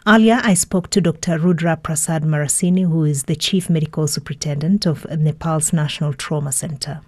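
Low-voiced woman reading the news. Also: fairly quick, no room sound. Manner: steady reading, brief slips. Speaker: news presenter.

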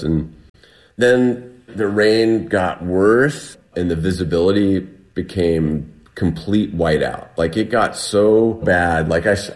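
A man's voice: deep voice, darkish tone. A man in an interview, earnestly recounting a frightening personal ordeal in vivid detail. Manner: earnest, vivid storytelling with restarts. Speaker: interview guest.

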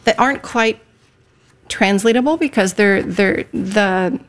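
A woman's voice: medium pitch, unhurried. A woman guest in an interview, patiently explaining how a language works. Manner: patient, instructive.

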